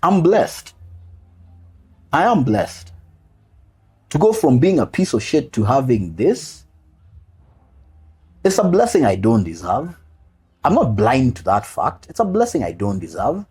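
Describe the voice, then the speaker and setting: Man, husky voice, lively swinging pitch, heartfelt, casual slang, podcast guest storytelling. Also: moderate pace. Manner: heartfelt, repeats key phrases for emphasis; casual slang mixed with earnest reflection. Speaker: podcast guest, single father. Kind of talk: personal storytelling in a podcast interview.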